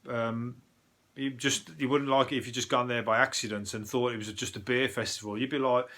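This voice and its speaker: A man's voice: medium pitch, fairly even intonation, fairly quick, a bit bright. A man with a Birmingham accent, a comedian and podcast host rambling through a casual news review, swearing freely with jokey asides and lots of fillers. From England.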